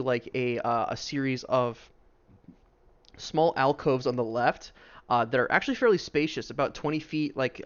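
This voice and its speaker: A man's voice: mid-range voice, highs cut off. A man narrating as game master of a tabletop game, rambling with many fillers.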